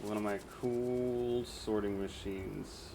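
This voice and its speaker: A man's voice: on the low side, fairly even intonation, slow pace, gravelly, warm tone, rough recording. A man streaming a game, chatting casually with crude, teasing banter and frequent laughter. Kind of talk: casual chat while gaming.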